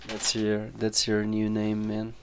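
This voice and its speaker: A man rambles through a casual chat in a gravelly, creaky voice. He talks slowly and swears a lot, and his stories are loose and full of filler words. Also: on the low side, completely flat delivery, slight background noise. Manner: profane, laid-back storytelling full of fillers.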